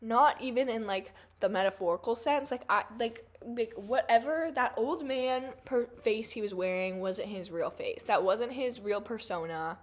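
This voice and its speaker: A young woman in her twenties vents through a storytime vlog, her voice sitting a bit high for a woman. She talks casually and swears freely, padding her sentences with "like" and "um." The tone stays chatty and animated throughout. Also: normal speed, few pauses. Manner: chatty, profane, animated, lots of "like" fillers. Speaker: vlogger.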